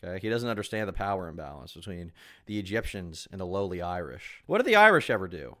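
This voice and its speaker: A man's voice: deep voice, big pitch swings, fast, sharp tone. A man streaming live reaction commentary on a video, talking in a sarcastic, crude and mocking way.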